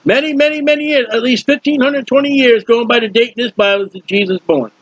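A man preaching a verse-by-verse Bible teaching, animated and questioning his listeners. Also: extremely high pitch, quick pace, no room sound. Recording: dull lo-fi dry recording.

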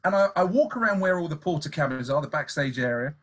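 A man's voice: fairly high pitch, lively intonation, fast, fairly bright tone. A man hosting a radio interview, chatty and telling stories while laughing along with his guest. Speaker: radio host.

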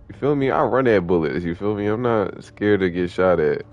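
Excitable Philly streamer with a low voice. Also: male voice, moderate pace, hardly any pauses, faint music behind. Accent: Philadelphia. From Philadelphia. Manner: loud, excitable and profane, yelling at the game. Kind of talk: casual gameplay commentary.

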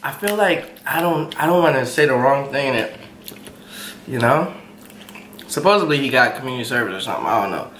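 A man's voice: mid-range voice, lively intonation, fairly quick, pauses often, a bit bright, slight background noise. A man hosting a casual eating vlog, chatting between bites and laughing often. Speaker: mukbang host. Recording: roomy echoey room.

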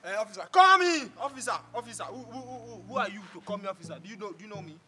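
A man's voice: high voice, expressive, very fast, over music. A man with a Nigerian accent playing an arrogant, blustering police officer who bullies and repeats himself. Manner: loud, bullying, repeats himself. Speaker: comedy skit actor.

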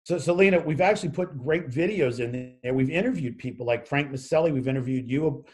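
A man's voice: mid-range voice, fairly quick. A man, co-hosting a casual talk show over a video call, enthusiastic and rambling, stumbling over his words. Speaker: co-host.

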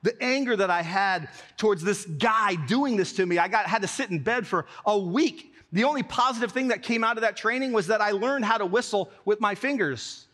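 Animated high-voiced male preacher. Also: moderate pace, few pauses. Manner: animated storyteller, acts out quotes. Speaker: pastor. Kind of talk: sermon with personal story. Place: church.

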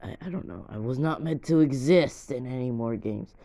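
Woman doing a brooding hedgehog antihero, very deep, gravelly, halting. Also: expressive, mellow, exaggerated voice. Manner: halting, rambling.

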